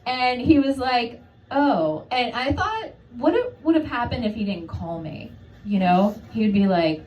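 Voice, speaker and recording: A woman's voice: a little high, lively intonation, moderate pace, darkish tone. Woman, stand-up comedian, self-deprecating storyteller, distant mic, noisy club. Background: audience laughter.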